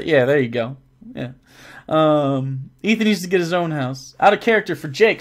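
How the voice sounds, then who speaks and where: A man's voice: a little high, slow pace. A man hosting a casual live stream, reading viewer messages aloud and joking around with lots of swearing and restarts.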